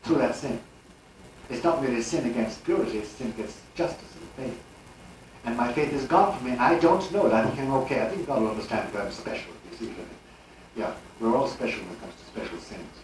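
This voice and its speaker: Older male lecturer, animated and rhetorical; distant room mic, heavy echo, faint hiss. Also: medium pitch, fast. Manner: animated, rhetorical, chuckling asides. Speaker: speaker. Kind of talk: live religious lecture. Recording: old live tape, distant and echoey.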